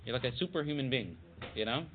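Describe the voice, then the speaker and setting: A man's voice: medium pitch, fast talker. A man giving a casual Torah class, talking conversationally with many asides and Hebrew terms. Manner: conversational, full of "you know" and Hebrew terms. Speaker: Torah teacher. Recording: tinny phone-like line with faint noise.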